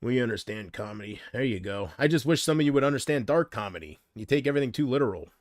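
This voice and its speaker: A man's voice: medium pitch, expressive, quick pace, no room sound, clean studio sound. A man on a casual livestream, rambling and unsure, drifting between thoughts while he answers viewer comments. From United States.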